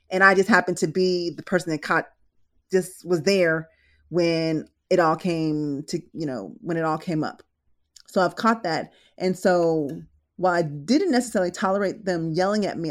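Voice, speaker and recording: A woman nurse hosting a casual advice podcast, telling animated stories from work and acting out what people said. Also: on the low side. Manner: animated storyteller, acts out quotes.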